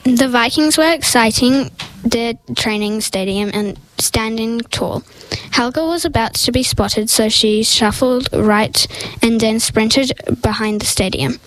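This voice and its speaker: A woman reads a story aloud in a slightly high voice. She goes carefully through the narration. Now and then she trips over a word and corrects herself without fuss. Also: poor audio. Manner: reads carefully, with small stumbles and self-corrections. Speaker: story reader.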